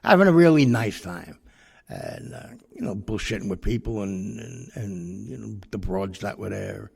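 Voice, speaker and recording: A man's voice: fairly low pitch, lively intonation, moderate pace, creaky, darkish tone, husky. An older man tells a rambling, profane anecdote, full of fillers and restarts. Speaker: storyteller. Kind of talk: casual anecdote.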